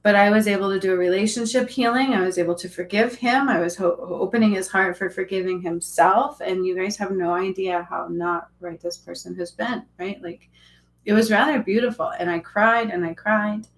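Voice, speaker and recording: Woman healer talking on a live stream, all fillers and restarts, gets emotional, mid pitch. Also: fairly even intonation, moderate pace, low-quality recording. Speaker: spiritual healer. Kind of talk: casual live-stream monologue.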